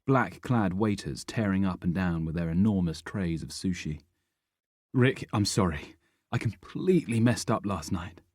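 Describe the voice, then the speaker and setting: A man with a husky voice narrating a first-person audiobook in an expressive, lively way. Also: low-pitched, no echo, clean studio sound.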